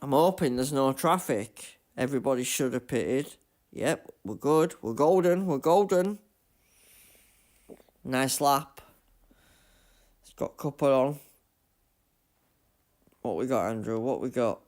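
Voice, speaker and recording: A man streaming a racing game live, muttering commentary to himself and breaking into loud self-mocking outbursts. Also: medium pitch, a little slow, long pauses. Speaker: gaming streamer.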